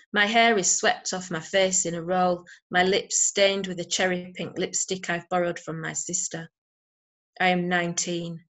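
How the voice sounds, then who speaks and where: A woman recites her poems in a steady, measured way over a video call. Her voice sits slightly low and barely rises or falls, and between poems she talks hesitantly with plenty of fillers. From Yorkshire, England. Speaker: poet. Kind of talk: poetry reading.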